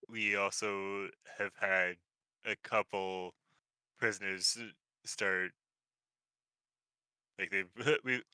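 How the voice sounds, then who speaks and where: A man narrating as game master of a tabletop game, relaxed and hesitant with many fillers. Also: on the low side, clean tone, no echo, rough recording.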